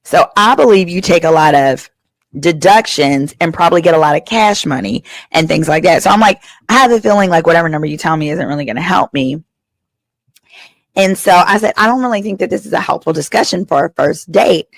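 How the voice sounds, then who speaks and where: Gravelly-voiced woman telling a funny story. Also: fairly low pitch, brisk, no room sound. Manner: animated, acts out the other people's lines. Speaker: attorney and host. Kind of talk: casual comedic storytelling. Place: at home, her father's house.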